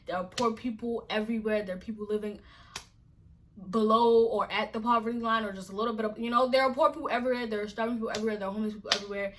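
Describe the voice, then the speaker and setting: A woman's voice: on the high side, pushed and bright, slight background noise. A woman from Nigeria vlogging to camera, exasperated and emphatic, firing off repeated rhetorical questions. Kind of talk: casual to-camera rant.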